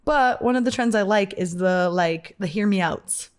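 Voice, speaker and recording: A woman's voice: medium pitch, moderate pace, smooth. A young woman co-hosting a podcast, chatting casually and crudely, often laughing and trailing off mid-sentence. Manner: giggly, rambling, crude. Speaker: podcast co-host. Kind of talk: casual comedic chat.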